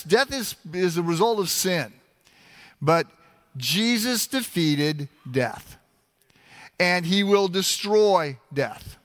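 A man's voice: high voice, fairly bright tone, big-room sound. A man preaching a sermon in a conversational, emphatic way, often restarting his phrases. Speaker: pastor.

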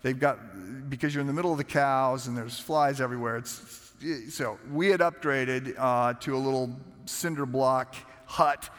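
A man delivers a relaxed, storytelling sermon, poking fun at himself and often restarting his sentences. His voice sits at a middle pitch. A long church reverb trails behind every phrase. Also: normal speed, few pauses. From United States. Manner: relaxed, self-deprecating, frequent restarts and fillers. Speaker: pastor.

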